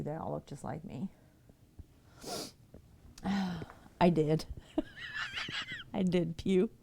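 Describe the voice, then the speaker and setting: Slow, low-voiced middle-aged woman telling stories. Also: creaky, mellow, a little hiss or hum. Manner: chatty, laughs often while telling stories. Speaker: livestream painter. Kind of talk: casual storytelling while chatting with viewers.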